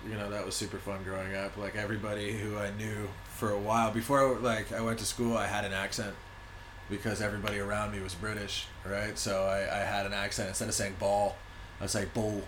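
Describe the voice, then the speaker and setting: Young male comic from Ontario, relaxed casual chat, loose and profane, slight background hiss. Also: lowish voice, fast talker. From Ontario, Canada. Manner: laid-back, swears freely, laughs often. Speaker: stand-up comedian, podcast guest. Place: apartment in Montreal.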